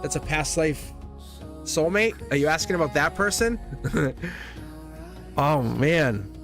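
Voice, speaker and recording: A man's voice: fairly high pitch, lively intonation, takes it slowly, fairly bright tone, soft background music. Chatty man hosting live tarot. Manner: chatty, laughs often, repeats himself. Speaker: tarot reader, livestream host. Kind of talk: live tarot reading stream.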